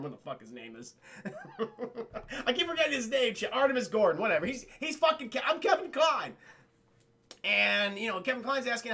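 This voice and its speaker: A man streaming a rambling, profane scene-by-scene film recap to his chat, acting out lines in quick impressions. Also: sits high, sing-song, pushed and bright. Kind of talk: casual profane movie recap.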